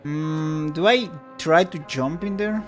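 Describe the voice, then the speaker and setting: A man's voice: on the high side, takes it slowly. A man streaming a role-playing game, casually thinking aloud about what to do next. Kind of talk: casual gameplay commentary. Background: faint game music.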